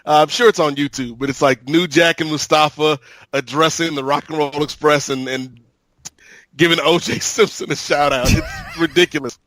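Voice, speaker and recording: A man with a slightly raised pitch co-hosts a podcast and tells his stories at an even, measured pace. He often doubles up on words as he works out his point. The recording is dry and close to the mic. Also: no room sound. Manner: measured, storytelling, repeats words while thinking. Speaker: podcast co-host. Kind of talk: casual chat.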